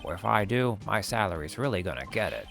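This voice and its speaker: A man reading game dialogue aloud, voicing a bumbling, good-natured male police detective in a gruff, blustery way. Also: on the low side, sing-song, fast talker, a bit bright, faint music behind, heavily acted. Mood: sheepish.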